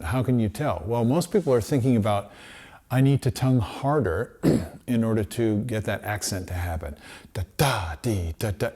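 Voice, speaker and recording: Relaxed male trumpet teacher explaining. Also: mid-range voice. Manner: relaxed explanatory, demonstrates syllables aloud. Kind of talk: instructional lesson.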